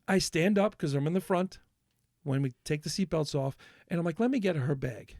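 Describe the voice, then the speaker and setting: A man's voice: on the high side, normal speed, darkish tone, no echo, studio quality. A man on a podcast, ranting in a worked-up, swearing rush while telling a story in casual chat. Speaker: podcast co-host.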